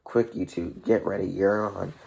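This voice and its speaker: A man reading aloud and voicing a pushy male stage manager in a gravelly, husky voice. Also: low-pitched, steady tone, moderate pace, a little mellow, poor audio.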